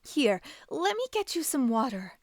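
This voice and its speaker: A kind young woman expecting a baby speaks softly and formally to comfort lost children, as a reader puts her on. Her voice is higher than average and soothing. The sound is dry and close. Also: very animated, a little slow, dry recording, heavily acted. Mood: gentle. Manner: soft, soothing, formal speech.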